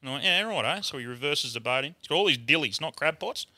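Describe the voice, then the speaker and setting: A man's voice: medium pitch, fast talker, bright, forceful tone, dry recording, studio quality. An Australian man telling a rowdy story in casual chat, swearing freely and acting out the voices of the people in it. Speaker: guest.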